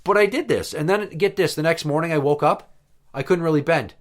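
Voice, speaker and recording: A podcast co-host with a fairly high-pitched voice speaks a little fast while telling a story in casual chat. He's a profane, animated storyteller who swears a lot.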